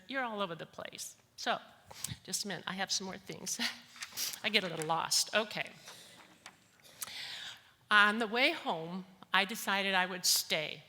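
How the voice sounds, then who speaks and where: Brief: middle-aged woman, candid testimony speaker, bright lowish voice, reverberant hall. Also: a little slow, pauses often. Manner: candid, emotional, storytelling. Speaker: conference speaker. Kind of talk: personal testimony talk.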